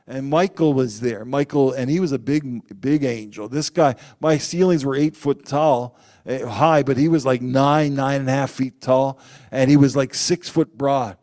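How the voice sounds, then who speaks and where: A man with a medium-pitched voice preaches a sermon at normal speed. He tells personal stories animatedly and acts out the quotes loudly.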